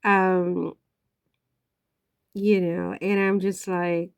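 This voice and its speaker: A woman's voice: lowish voice, measured pace, gravelly. A woman giving casual, emotional vlog commentary on royal news, chatty and prone to swearing.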